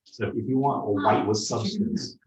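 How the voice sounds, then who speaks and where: Low male sommelier host, halting explainer, distant mic in an echoey room. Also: steady tone, a little mellow, a little hiss or hum. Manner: explanatory, hesitant with many fillers. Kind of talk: casual wine tasting chat. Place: room in a home.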